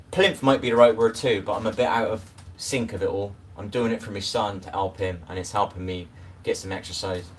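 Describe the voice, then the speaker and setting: A man's voice: fairly low pitch, slight background noise. Rambling man on a distant phone mic. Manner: rambling, greets viewers by name, chatty asides. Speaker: livestream host. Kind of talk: casual live-stream chat.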